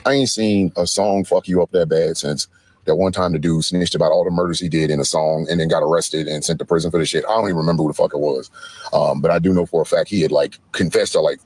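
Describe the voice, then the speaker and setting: A man's voice: low voice, fairly even intonation, fast, a little mellow, no room sound. A man commenting mockingly and acting out quotes in a sing-song voice. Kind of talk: casual commentary.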